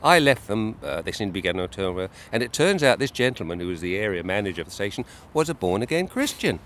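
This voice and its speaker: A man's voice: lowish voice, very animated, quick pace, fairly bright tone, slight background noise. A man chatting casually, telling stories of street preaching with frequent laughs and fillers. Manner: chatty storyteller, laughs often, many "uh" fillers. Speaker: co-host recounting street preaching trips. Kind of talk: casual chat.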